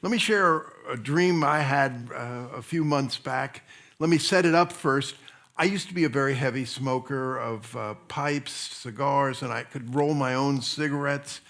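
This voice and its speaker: A man's voice: medium pitch, measured pace, a bit bright. A man who is a pastor, preaching a sermon in a conversational, storytelling way, often restarting and repeating words.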